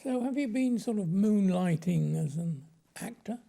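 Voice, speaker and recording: A man's voice: high-pitched, animated, measured pace, creaky, dark tone. An older man interviewing a guest with short, hesitant questions.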